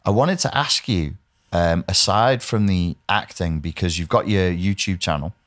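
A man's voice: deep voice, normal speed. A man with a Wirral accent hosting a podcast, chatting casually, swearing and laughing often. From Wirral, England. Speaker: podcast host. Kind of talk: casual chat.

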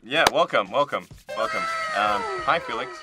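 A man co-hosting a comedy segment with dry, halting, deadpan remarks. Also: fairly low pitch, over music. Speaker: guest co-host. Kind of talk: dry improvised banter.

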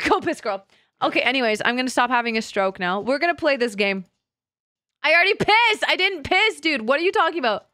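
A woman streaming a game, chatting with her audience in a giggly, excitable way full of crude jokes. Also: sits high, fast talker, no room sound, studio quality. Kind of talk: casual live-stream chat.

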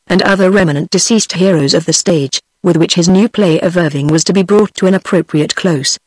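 A woman's voice: lowish voice, no echo, poor audio. British-accented synthetic female reader. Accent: British English. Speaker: audiobook narrator. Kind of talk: synthetic text-to-speech book reading.

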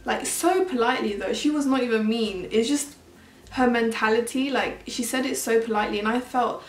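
Young woman, from Mauritius, bright-ish higher voice, candid chatty vlog, roomy echo. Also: brisk, a little hiss or hum. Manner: chatty, earnest, heavy use of "like". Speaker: vlogger. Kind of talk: candid personal story vlog. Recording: roomy sound, mic at a distance.

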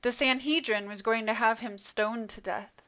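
A woman narrates a story with expressive, dramatic delivery. Her voice is fairly high, and the recording sounds dull and lo-fi. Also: normal speed.

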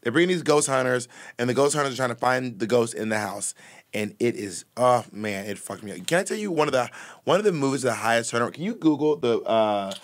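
A man's voice: mid-range voice, lively intonation, fast talker. A young man co-hosting a podcast in casual banter, sassy, argumentative and full of slang. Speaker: podcast co-host. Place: podcast booth.

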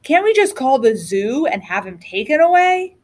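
Reluctant young boy in a storybook, flat and slow, read by a woman. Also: sits high. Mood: worried. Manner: flat, unimpressed drawl.

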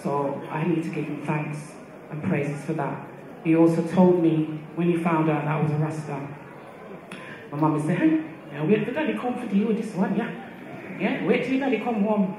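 A middle-aged woman gives a funeral eulogy as lively storytelling. She acts out the voices of the people she quotes. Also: deep voice, slight background noise. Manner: animated storytelling, acts out quoted voices, laughs between lines. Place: large echoing hall at a funeral service. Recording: very echoey hall.

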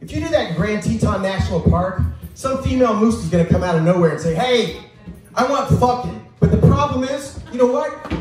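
A man performing a crude, rambling stand-up set at a small bar, halting and restarting often. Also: high-pitched, lively intonation, over music. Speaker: open mic comedian. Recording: echoey room heard from far off.

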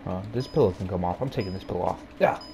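A man's voice: sits low, fast, creaky. A young man giving loose, profane running commentary as he plays a video game, talking to his viewers. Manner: loose, profane, reacting out loud with laughs. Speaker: gaming YouTuber. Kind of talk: casual gameplay commentary. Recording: game music under voice. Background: game music.

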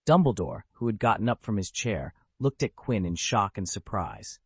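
A man narrates a fantasy novel with steady, expressive storytelling. His voice is low and husky, with a lively pitch range. The recording is dry and close. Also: normal speed, few pauses, dry recording. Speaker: audiobook narrator. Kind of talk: scripted narration.

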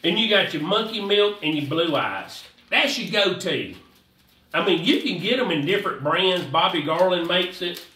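A man's voice: sits high, expressive, moderate pace, pushed and bright, echoey room, recorded from a distance. A man giving a casual, rambling fishing how-to, repeating himself in a folksy way. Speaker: fishing vlogger.

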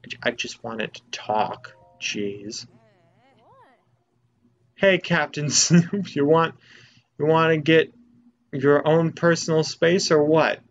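A man's voice: fairly high pitch, takes it slowly, pauses often, dull audio, slight background noise, pitched above the performer's own voice. Snooty gossiping village woman, read by a young man. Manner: haughty, dismissive.

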